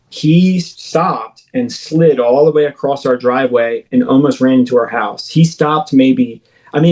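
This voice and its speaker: A man in his thirties, appearing as an interview guest, vividly recounts a personal experience, often halting and starting over. His voice is mid-range and a little mellow, and the recording is rough.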